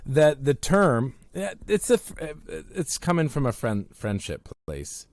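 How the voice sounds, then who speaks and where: A man's voice: on the high side, sing-song, unhurried, a little mellow, dry recording. A man co-hosting a podcast, rambling and poking fun at himself in casual chat. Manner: rambling, self-deprecating, many fillers. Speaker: podcast co-host.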